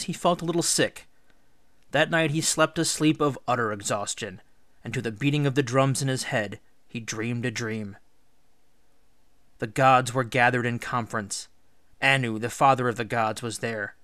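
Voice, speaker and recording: Man, teacher reading a story aloud, mid pitch, dry close sound, measured and expressive. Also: dry recording. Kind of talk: read-aloud storybook narration.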